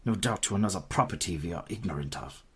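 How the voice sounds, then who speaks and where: A man's voice: deep voice, animated, fast talker, fairly bright tone, husky, heavily acted. A man voicing an older male vampire-hunting professor in a radio play, speaking in a formal, commanding way. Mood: grave. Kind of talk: community radio play acting.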